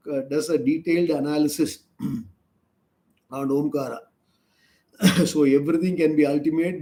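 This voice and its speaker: A middle-aged man teaching a scripture class, chanting Sanskrit verses quickly and then explaining them slowly, often repeating himself. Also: fairly high pitch, warm tone. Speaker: spiritual teacher.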